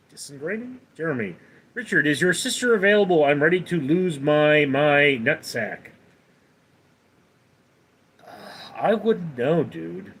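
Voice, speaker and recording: A man's voice: a little high, animated, unhurried, long pauses, fairly bright tone, slightly rough. A man hosting a casual livestream, reading viewer comments aloud and rambling with many fillers and restarts. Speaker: livestream host.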